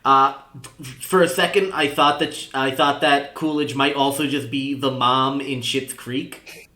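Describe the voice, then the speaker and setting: A young man co-hosting a podcast, chatting casually with frequent laughs and halting restarts. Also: mid-range voice, steady tone, pushed and bright, reverberant. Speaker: podcast co-host. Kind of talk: casual chat.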